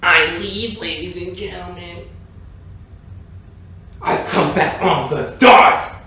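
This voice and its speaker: Slow, rambling, profane male comedian. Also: sits high, steady tone. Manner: profane, rambling, keeps saying "ladies and gentlemen". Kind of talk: rambling stand-up rant. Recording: echoey room, distant mic, faint noise.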